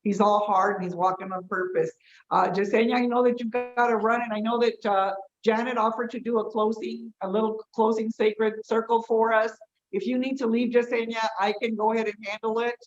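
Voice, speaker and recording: A woman's voice: fairly high pitch, level tone, fairly quick. A woman hosting a community call, making loose, affectionate announcements with many fillers over a video call. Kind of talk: casual group announcements. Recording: dull lo-fi video call audio.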